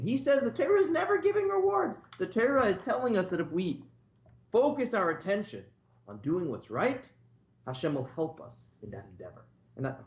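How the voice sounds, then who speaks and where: A man with a medium-pitched voice teaches an informal Torah class, telling stories conversationally and putting questions to the class. The recording has a roomy echo.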